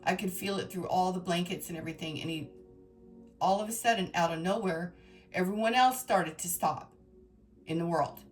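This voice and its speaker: A woman's voice: lowish voice, normal speed, faint music behind. A woman tarot reader telling her viewers a personal story in an emotional, rambling, dramatic way.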